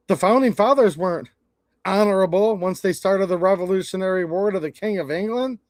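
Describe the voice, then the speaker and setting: A man with a high voice for a man gives casual opinion commentary to camera, blunt and folksy. The sound is dry and close, with little room reflection. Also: fairly quick, darkish tone, no echo. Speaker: channel host.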